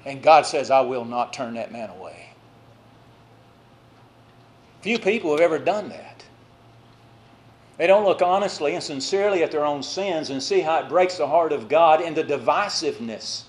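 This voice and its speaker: A male preacher giving a sermon, swinging between loud exhortation and quiet, drawn-out phrases, with conversational asides to the congregation. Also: on the high side, a little hiss or hum.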